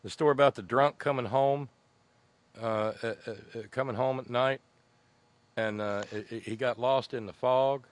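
A man's voice: medium pitch, steady tone, normal speed, no room sound. A man as a guest in a casual chat, telling stories in a rambling way with many restarts. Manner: rambling, chuckling storyteller who restarts often.

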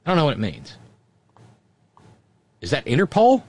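A man's voice: a little high, huge pitch swings, darkish tone, slightly rough. Wry man riffing on the news. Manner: wry, mocking, quick interjections. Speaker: commentary show host. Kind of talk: reading news with sarcastic asides.

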